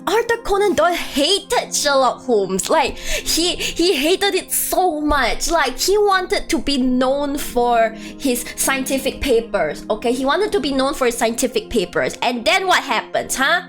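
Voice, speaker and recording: A woman chatting casually on a live stream, animated and rambling, breaking into frequent laughter. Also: sits high, a little slow, few pauses, faint music behind.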